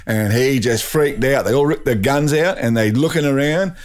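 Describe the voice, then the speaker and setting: A man's voice: mid-range voice, moderate pace. Older Australian man spinning yarns. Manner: rambling anecdotes with laughs and restarts. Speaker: guest, drag racing champion. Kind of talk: casual storytelling.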